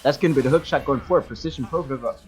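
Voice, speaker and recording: A play-by-play caster giving live esports commentary, excitable and self-deprecating, with a lingering cough from being under the weather. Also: medium pitch, very fast, soft background music.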